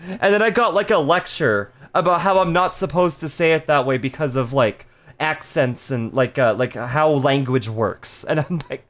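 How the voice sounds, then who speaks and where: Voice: medium pitch, expressive, moderate pace. A live streamer chatting casually with viewers, playful and giggly with crude jokes.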